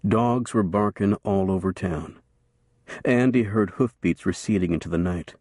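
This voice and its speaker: A man narrating a western novel as an audiobook in a steady, measured storytelling voice. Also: low-pitched, no echo, studio quality.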